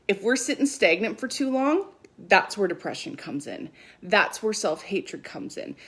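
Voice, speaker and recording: Emphatic casual woman spiritual coach. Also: medium pitch. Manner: earnest, emphatic, casual swearing; animated when quoting her kids. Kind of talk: livestream talk.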